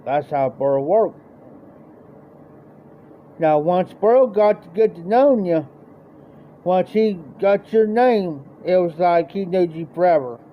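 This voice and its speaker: With lively intonation and a high voice, a Midwestern American man recounts a rambling, folksy tale on a live stream, performing the characters' voices. He speaks slowly and pauses often. It's casual storytelling heard through dull lo-fi audio with faint noise.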